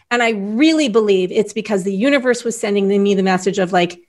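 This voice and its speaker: A middle-aged woman talking as a podcast guest, telling an animated story and acting out other people's lines. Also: fairly high pitch, a little fast, few pauses. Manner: animated storyteller, acts out quoted voices. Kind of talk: casual interview chat.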